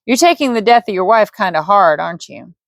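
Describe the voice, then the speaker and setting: Woman voicing a blunt tired wizard, her own everyday voice, flat questions. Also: medium pitch, brisk, creaky, no echo.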